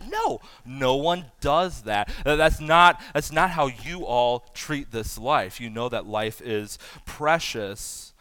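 A man in his thirties preaching a sermon to first responders, animated and acting out imagined voices. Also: mid-range voice, takes it slowly, few pauses, dry recording. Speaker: pastor.

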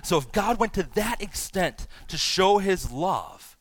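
A man in his thirties preaching a sermon to first responders, animated and acting out imagined voices. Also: high-pitched, a little slow, no room sound. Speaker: pastor.

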